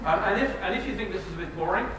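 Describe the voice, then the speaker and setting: A man's voice: sits high, animated, racing, fairly bright tone. A man with an English accent giving a live talk to an audience, joking about himself and quizzing the crowd. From England. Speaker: guest speaker. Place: lecture hall with an audience. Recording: very echoey hall, distant mic, noisy.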